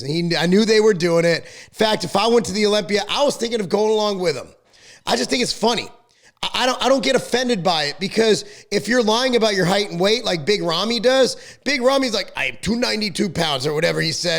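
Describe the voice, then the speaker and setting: A man's voice: high voice, a bit bright. A man hosting a podcast, telling a story in a chatty, joking way with casual slang. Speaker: podcast host. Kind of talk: casual monologue.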